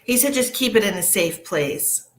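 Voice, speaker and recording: A woman talks her way through a casual live-stream reading as a psychic medium. Her delivery is chatty and soft-spoken, passing on messages in an easygoing, conversational way. She is speaking from her own home. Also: medium pitch, lively intonation, normal speed.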